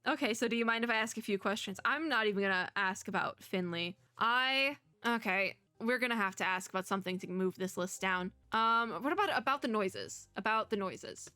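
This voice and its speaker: A woman's voice: medium pitch, fairly quick, hardly any pauses, sharp tone, no echo. A young woman giving playful, teasing commentary while playing a video game. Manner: playful, laughing, teasing the characters. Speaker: gaming video creator.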